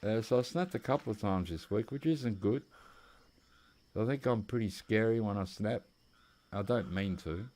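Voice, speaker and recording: At a moderate pace, a fairly low, slightly mellow voice belongs to an Australian-accented gamer. He chats casually about a hunting game he's playing, rambling through anecdotes.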